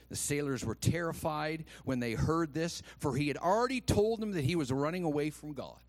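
Animated male pastor preaching. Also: on the high side, normal speed, hardly any pauses. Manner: swings from hushed asides to loud, rising exclamations; acts out quoted voices when reading scripture. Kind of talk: sermon with storytelling.

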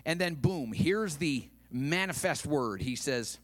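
A male pastor preaching a dramatic sermon, dropping to a hush and then rising loud. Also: a little high, animated, slow, hardly any pauses, faint music behind.

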